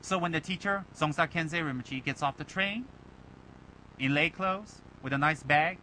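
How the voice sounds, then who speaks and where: A man teaching a Buddhist dharma talk, animated and rhetorical, mimicking his listeners' complaints. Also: on the high side, normal speed, a little hiss or hum, poor audio. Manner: animated, rhetorical, mocking imitations.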